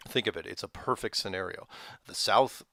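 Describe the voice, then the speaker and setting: Low gravelly guy rambling through some history, bright edge, lots of restarts. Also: normal speed, no echo, studio quality. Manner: rambling, many restarts and fillers. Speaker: commentator. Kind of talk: unscripted history explanation.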